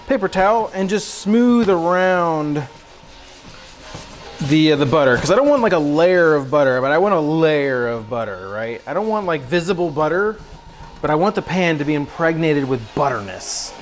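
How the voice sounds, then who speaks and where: A young man hosting a cooking livestream, joking at his own expense and calling everyone bro. His voice sits a little high for a man and leaps around in pitch. A faint music track plays behind him as he works the stove. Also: normal speed. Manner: goofy, self-mocking, excitable, says "bro" and "dude". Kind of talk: casual cooking livestream chat.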